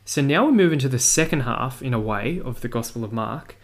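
A man's voice: medium pitch, animated, a little fast. Man teaching a Bible lesson. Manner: explanatory, walks through a text verse by verse. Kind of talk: scripture study lesson.

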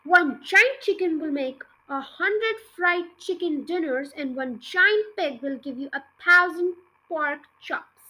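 A woman voicing an excitable middle-aged farmer father in a storybook reading, gushing and breathless, talking over everyone. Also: extremely high pitch, slow, heavily acted, poor audio. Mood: excited.

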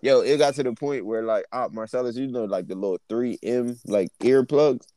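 A man's voice: medium pitch, normal speed, mellow, no echo. A young man co-hosting a podcast, telling a long story in loose, profane casual chat full of "like" and "yo". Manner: rambling, profane, fillers of "like" and "yo". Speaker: podcast co-host.

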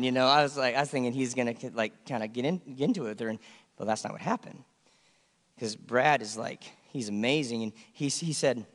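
A man preaching a sermon as pastor, telling stories in an animated way and acting out the voices of the people in them. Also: mid-range voice, quick pace. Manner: animated storytelling, acts out voices of kids and friends. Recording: long hall reverb.

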